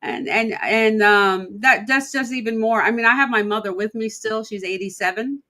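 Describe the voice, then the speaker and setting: A woman's voice: fairly high pitch, normal speed, sharp tone. A middle-aged woman hosting a live interview, gushing with enthusiasm and laughing a lot. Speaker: interview host.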